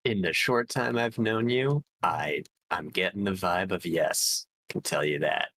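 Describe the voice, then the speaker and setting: A man's voice: sits low, measured pace, fairly bright tone, no echo, poor audio. A man playing a tabletop game in character, negotiating in a hesitant way full of fillers. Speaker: player. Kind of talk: tabletop role-play in character.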